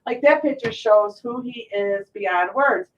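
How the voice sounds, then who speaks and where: On a casual talk show, a middle-aged woman host with a fairly high voice tells stories at an unhurried pace, animatedly acting out other people's lines. She sounds set back from the mic, and the recording is muffled and dull, with slight background noise.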